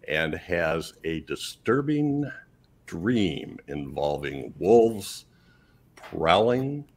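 Man, very low voice, gravelly, casual podcast co-host, rambling, chuckling restarts. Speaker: podcast co-host leading the segment.

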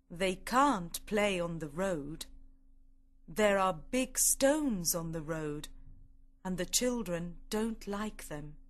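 A woman reading a children's story aloud for learners, clear, deliberate and expressive. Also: mid-range voice. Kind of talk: slow storybook narration for learners.

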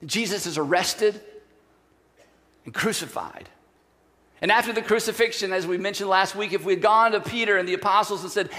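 A man's voice: sits high, moderate pace, pauses often, bright, forceful tone, long reverb tail. A male pastor preaching a conversational sermon, telling stories and acting out quoted voices. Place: church sanctuary.

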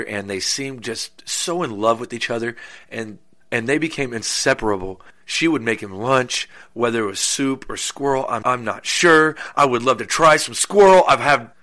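A man's voice: medium pitch, sharp tone. A man casually telling a true crime story, with goofy, crude joking asides. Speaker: podcast host.

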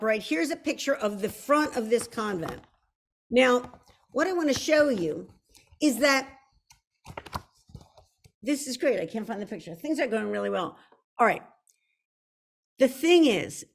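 Chatty woman hosting a livestream. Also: a little high. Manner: chatty, self-deprecating, restarts often. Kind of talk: casual livestream chat.

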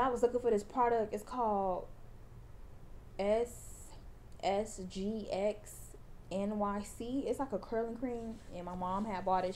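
A young woman talks straight to her viewers in a casual home vlog, mellow and warm, calling them y'all and circling back over her words. Her voice is even in pitch, with a faint hiss of background noise behind it. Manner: chatty, addresses viewers as y'all, restarts phrases. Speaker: vlogger. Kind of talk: casual vlog chat and encouragement.

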